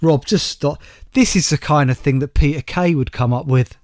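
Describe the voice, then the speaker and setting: A man's voice: fairly high pitch, darkish tone, dry recording. Dry-voiced man with wry asides. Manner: dry, wry interjections and quick questions. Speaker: podcast co-host. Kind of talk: casual comedic podcast chat.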